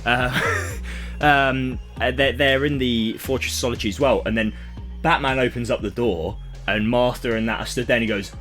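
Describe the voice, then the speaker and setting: Young male podcast co-host, middle pitch, animated storyteller, music behind. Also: normal speed. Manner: animated storytelling, acts out characters' lines. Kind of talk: casual podcast chat.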